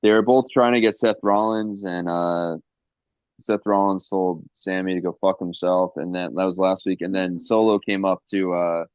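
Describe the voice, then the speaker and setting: A man with a low, deep voice rambling through casual podcast banter, swearing freely and dropping jokey asides. The sound is dry and close, with a slightly dull, muffled tone. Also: smooth, dry recording. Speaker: podcast co-host. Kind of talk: casual chat.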